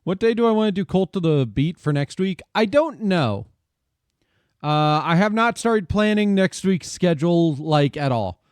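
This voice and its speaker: A man's voice: sits high, lively intonation, normal speed, clean tone, no echo. A man streaming live in a casual, chatty way, swearing freely and complaining with animation.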